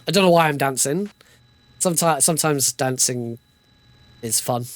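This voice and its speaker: A man's voice: fairly high pitch, unhurried, long pauses. A man giving casual, joking live commentary while playing through a video game speedrun. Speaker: speedrunner streamer. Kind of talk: live commentary over gameplay.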